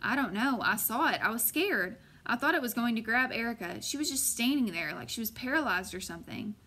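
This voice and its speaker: A woman's voice: fairly high pitch, lively intonation, fairly quick. Woman voicing a scared protective boy. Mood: shaken. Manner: urgent, shouting warnings.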